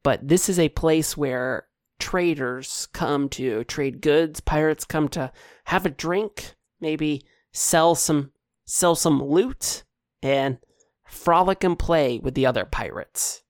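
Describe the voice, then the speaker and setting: A man's voice: on the high side, takes it slowly, dry recording. Easygoing male game master, dry sound. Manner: relaxed, easygoing narration with restarts. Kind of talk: narrating a tabletop game.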